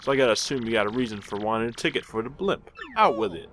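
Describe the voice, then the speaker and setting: A man voicing a gruff, domineering mobster boss with a put-on tough-guy accent, reading game dialogue aloud. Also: mid-range voice, lively intonation, quick pace, a bit bright, natural voice. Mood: calm, commanding.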